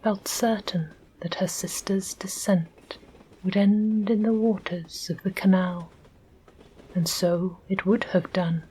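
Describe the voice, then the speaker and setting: A woman with an English accent reading a classic children's story aloud as whispered ASMR narration, in a soft whisper. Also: on the low side, slightly rough, poor audio. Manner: slow, calm storytelling. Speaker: audiobook narrator.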